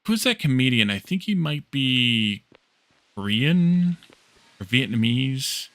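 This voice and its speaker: A man streams a building game with a slow, mid-range voice, keeping things casual. As he crafts he thinks out loud, and he picks up messages from chat to respond to.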